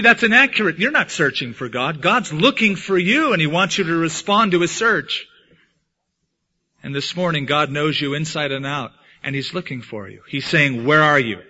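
A man preaching a sermon as pastor, swinging from loud emphatic lines to hushed ones. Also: a little high. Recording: dull lo-fi sound.

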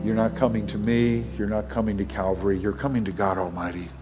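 A man's voice: on the low side, level tone, over loud music. A middle-aged man preaching a sermon in earnest, leading a prayer and acting out Bible scenes. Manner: earnest, acts out Bible scenes in quick voices. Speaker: pastor. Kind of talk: sermon with altar call and prayer.

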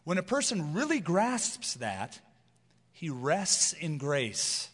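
A man preaching an expository sermon as pastor, earnest and emphatic, slowing down to read scripture. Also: on the high side, big pitch swings, a bit bright, slightly rough, big-room sound.

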